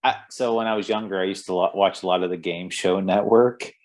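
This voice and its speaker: A man's voice: low voice, steady tone, brisk, darkish tone. A man co-hosting a casual film podcast, retelling scenes in a rambling way full of filler words. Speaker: podcast co-host.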